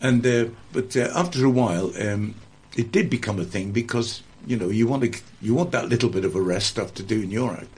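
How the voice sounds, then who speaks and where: A man's voice: lowish voice, brisk, few pauses, a little mellow, slightly rough. An older man, a guest entertainer and impressionist, reminiscing in a conversational interview with a rambling, anecdotal way of talking. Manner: rambling, anecdotal, with frequent restarts.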